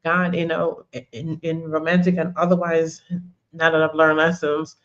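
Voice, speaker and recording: A woman's voice: low voice, monotone, normal speed, a bit bright. A woman delivers a conversational faith teaching and moves easily between the lesson and stories from her own life. She acts out her own inner dialogue as she goes. The recording has a dull, lo-fi sound.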